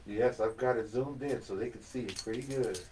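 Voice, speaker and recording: A man's voice: medium pitch, fairly quick, darkish tone. A man co-hosting a live painting stream, joking around with a radio-DJ-like delivery. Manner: jokey, chatty, radio-DJ-like delivery. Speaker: co-host and camera operator. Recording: distant mic with faint background noise.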